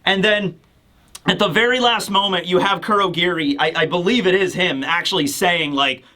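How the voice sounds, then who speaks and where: Male reviewer, high and bright, rambling casual recap. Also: moderate pace. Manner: rambling, fillers, slips into character voices. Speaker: manga reviewer. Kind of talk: casual commentary.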